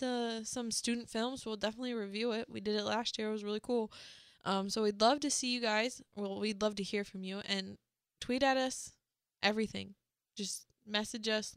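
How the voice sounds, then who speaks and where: A woman's voice: fairly high pitch, a bit bright, smooth, no room sound, studio quality. A young woman co-hosting a podcast, chatting casually and gushing with enthusiasm. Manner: bubbly, gushing. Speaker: podcast co-host. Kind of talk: casual chat.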